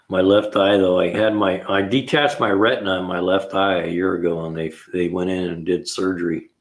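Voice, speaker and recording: A man's voice: deep voice, fairly even intonation, fairly quick, few pauses. An older man, a retired mechanic hosting a car repair show, telling rambling shop stories in a casual way, chuckling and acting out his own lines.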